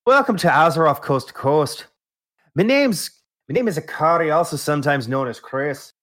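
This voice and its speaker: A man's voice: on the high side, expressive, moderate pace, a bit bright. A man putting on a jolly Irish-sounding brogue. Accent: put-on Irish-sounding. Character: cheery male Celtic-accented show intro persona. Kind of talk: podcast intro.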